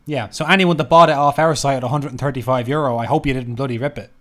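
A man's voice: mid-range voice, fast, fairly bright tone. Laid-back rambling male podcast co-host. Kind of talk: casual chat.

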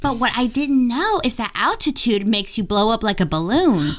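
A woman's voice: on the high side, animated, normal speed. A woman co-hosting a casual podcast, telling a travel story in a chatty, laughing way. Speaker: podcast co-host.

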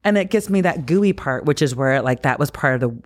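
Woman host, low voice, casual and emotional, swears, jumps up high when excited. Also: a little fast. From New Jersey. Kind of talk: casual heart-to-heart chat.

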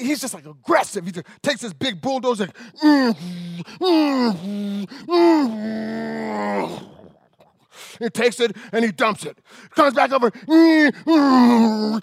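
A man preaching a sermon as an animated, rambling storyteller. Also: very high-pitched, dry recording, clean studio sound.

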